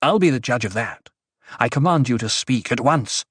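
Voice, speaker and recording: A man voicing a quick-tempered, imperious young noblewoman in an audiobook, speaking in a sharp, commanding and scornful way. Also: medium pitch, animated, slightly rough, no room sound. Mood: demanding. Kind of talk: audiobook character voice.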